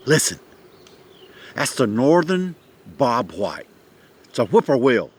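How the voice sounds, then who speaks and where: A man chatting casually on an outdoor vlog, hushing and coaxing while he walks and sits to listen for birds. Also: medium pitch, sing-song, slow pace, long pauses, a little hiss or hum. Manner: hushed, coaxing, folksy. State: a bit out of breath. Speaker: vlogger. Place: outdoors in woods.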